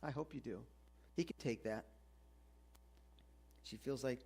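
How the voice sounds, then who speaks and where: A man's voice: mid-range voice, measured pace, pauses often, a little mellow, husky. A man preaching a sermon in a casual, conversational way, asking the congregation questions as he goes. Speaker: pastor.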